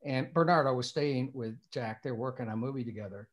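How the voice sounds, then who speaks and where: A man's voice: mid-range voice, fairly quick. Older man telling a rambling story. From Indiana, USA. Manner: meandering, repeats words as he restarts. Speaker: screenwriter guest. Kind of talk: storytelling anecdote in an interview.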